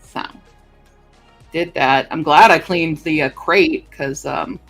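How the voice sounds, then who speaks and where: A woman livestreamer chatting casually with her viewers, rambling and filling pauses with lots of ums and uhs. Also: sits low, vocal fry, a bit bright, soft background music. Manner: chatty and rambling, with many fillers. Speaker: livestreamer greeting chat. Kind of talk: casual live-stream chat.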